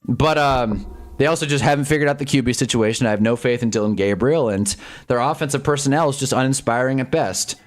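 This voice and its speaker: A young man commentating live on football games for his stream, ranting at the refs and reacting fast to each play. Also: mid-range voice, soft background music. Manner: frustrated, ranting, quick reactions. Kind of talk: live sports watch-along commentary.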